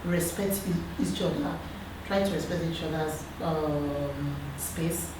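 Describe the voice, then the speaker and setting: A woman in her thirties with a Nigerian accent, chatting earnestly as a guest and giving advice in a lively, storytelling way. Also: sits low, slow. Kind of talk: casual chat. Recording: roomy echo, far from the mic, background noise.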